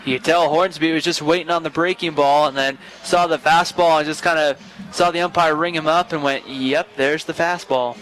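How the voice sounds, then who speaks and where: A man's voice: fairly high pitch, fairly even intonation, fairly quick, a bit bright, poor audio. A man offering color commentary on a college baseball game from a stadium booth, talking through his analysis conversationally with frequent restarts.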